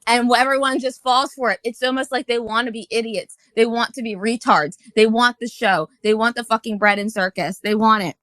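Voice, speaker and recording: Bright-voiced woman ranting angrily. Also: a little high, fairly even intonation, a little fast, few pauses, no echo. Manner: angry, profane, heated ranting. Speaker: host. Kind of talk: live audio chat room rant. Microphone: phone or headset in a live audio room.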